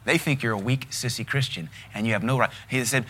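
A man's voice: medium pitch, brisk, bright, forceful tone. A middle-aged man with a Southern US accent, preaching a sermon in a blunt, emphatic way with lots of repetition. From American South. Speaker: pastor.

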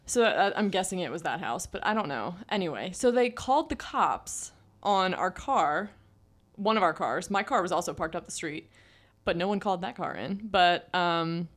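A woman's voice: on the low side, animated, moderate pace. Chatty young woman telling a story. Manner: chatty storytelling with many "like" fillers. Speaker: podcast co-host. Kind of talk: casual chat.

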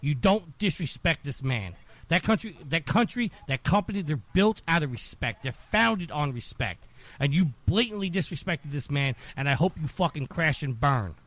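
A man's voice: a little high, lively intonation, moderate pace, fairly bright tone, slight background noise. A man on a podcast delivering a furious, profane rant with heavy emphasis. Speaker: podcast co-host.

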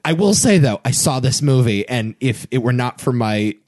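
A man co-hosting a casual movie podcast, animated and swearing freely as he reads out film details and jokes. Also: mid-range voice, normal speed. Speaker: podcast co-host.

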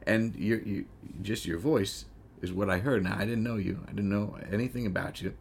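Low gravelly-voiced man hosting a podcast. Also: moderate pace, a little hiss or hum. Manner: rambling, hesitant, courtly, with frequent laughs. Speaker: podcast host. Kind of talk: casual interview chat. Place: living room couch.

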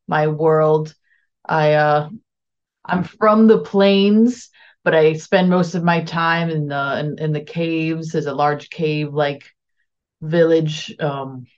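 A woman playing in a tabletop game over a video call, talking in a hesitant, rambling way. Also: sits low. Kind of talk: casual chat. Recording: dull lo-fi video call audio.

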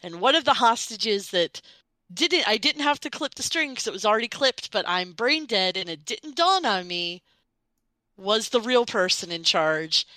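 Animated woman host with a bright, slightly high voice, self-mocking storyteller, recorded dry. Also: moderate pace, no echo, low-quality recording. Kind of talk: casual storytelling chat.

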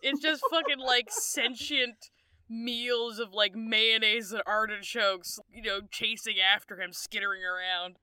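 A woman's voice: on the high side, steady tone, measured pace, bright, forceful tone, smooth, dry recording, studio quality. A young woman co-hosting a podcast, cracking absurd jokes in casual chat. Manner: joking, absurd quips. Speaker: podcast co-host.

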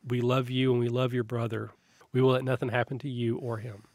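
A man voicing a kind, motherly woman of about fifty who soothes a worried boy in a soft, near-whispered way. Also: mid-range voice, little pitch movement, brisk, no echo, close to an everyday voice. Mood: comforting.

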